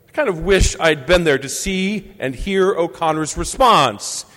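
Male Catholic priest, 50s, measured homily delivery with pauses, high voice, long church echo. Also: animated, a bit bright. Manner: measured, reflective preaching with deliberate pauses. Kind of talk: Sunday homily.

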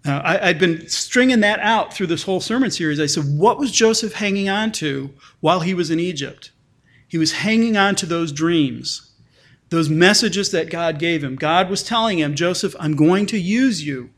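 A man's voice: high-pitched, animated, normal speed, a bit bright. A male pastor preaching a sermon in a conversational way, often restarting and repeating words, and reading scripture passages aloud with lifted emphasis.

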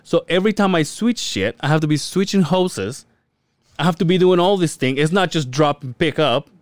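A man's voice: on the high side, moderate pace, no echo. Guy on a podcast telling a story, voice jumps all over, swears a lot, dry mic. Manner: animated storyteller, acts out quotes, swears, laughs often. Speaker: podcast co-host. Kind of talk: casual storytelling chat.

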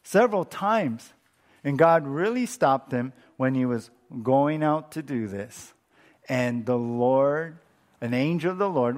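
A male pastor teaching a passage in a chatty, informal way, often restarting his sentences. His voice sits at an ordinary middle pitch and rises and falls with his points. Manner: conversational, animated, many fillers and restarts. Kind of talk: expository Bible teaching sermon.

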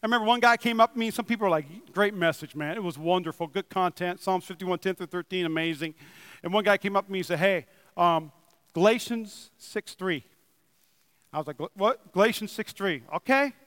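An excitable young male pastor with a high, bright, clear voice, preaching in a church. He builds to loud emphatic bursts, then drops into easy, chatty storytelling. His body mic sounds dry, with a long reverb tail from the hall. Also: brisk. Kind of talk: sermon. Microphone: wearing a microphone.

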